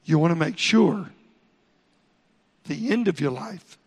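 A man's voice: a little high, lively intonation, slow, husky. A man preaching a midweek sermon in a folksy storytelling way, repeating himself as he goes. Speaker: pastor. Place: church sanctuary. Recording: church hall reverb.

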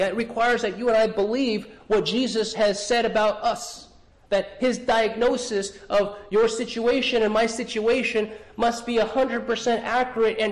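A man with a high-pitched voice preaching a sermon to his congregation. He speaks earnestly and often restarts his phrases. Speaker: pastor.

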